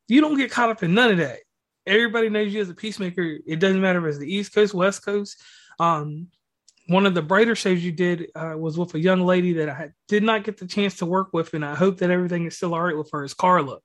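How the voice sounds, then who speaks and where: A man's voice: high voice, brisk, a bit bright. A man hosting a podcast interview, talking in a rambling, slangy way with lots of fillers and praise for his guest. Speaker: podcast host. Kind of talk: casual interview talk.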